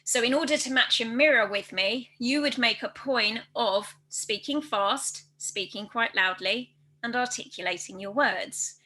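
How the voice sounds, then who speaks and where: A woman presenting a workplace training video, speaking fast and loudly with careful articulation. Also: on the high side, poor audio. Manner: fast, loud and well articulated.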